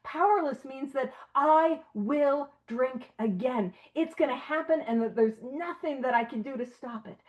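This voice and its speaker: A woman's voice: sits high, poor audio. A woman leading an online recovery study, talking earnestly and with emphasis, sometimes breaking off with a light aside. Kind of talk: conversational study talk. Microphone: video call.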